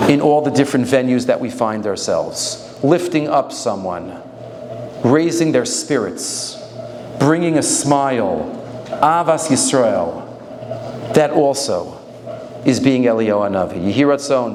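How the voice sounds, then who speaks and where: A man, a rabbi, giving a Torah talk to staff, telling a story in an animated, conversational way. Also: mid-range voice. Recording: echoey hall, faint noise.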